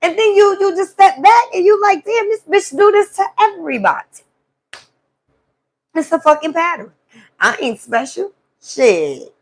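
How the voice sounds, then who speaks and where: High-voiced woman venting. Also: a little slow, long pauses. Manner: animated, profane storytelling to a live chat. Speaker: live stream host. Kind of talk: casual venting monologue.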